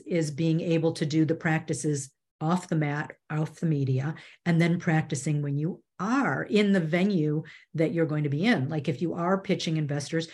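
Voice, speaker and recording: Brief: woman guest in an interview, earnest, talks in restarts, voice a touch low. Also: darkish tone. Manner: earnest, with frequent restarts and "you know". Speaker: media trainer guest. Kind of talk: conversational interview.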